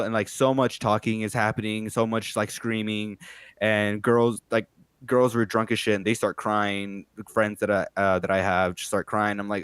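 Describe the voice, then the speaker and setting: Young guy podcast cohost, kinda low smooth voice, swears a lot, laid back rambling. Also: fairly even intonation, normal speed, no room sound. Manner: loose, profane storytelling, full of fillers. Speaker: podcast co-host. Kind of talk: casual chat.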